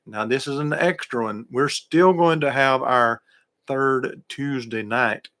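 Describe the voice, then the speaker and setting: A man's voice: medium pitch, slow, a bit bright. A middle-aged man, hosting a radio show in a casual, folksy way and greeting listeners in the chat by name.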